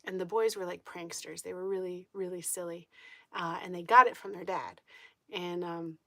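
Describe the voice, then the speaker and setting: A woman hosting a homestead live stream, telling a story in casual chat, animated, laughing often and acting out what people said. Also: lowish voice, moderate pace, gravelly, dry recording, studio quality. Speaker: homestead channel host. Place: at home.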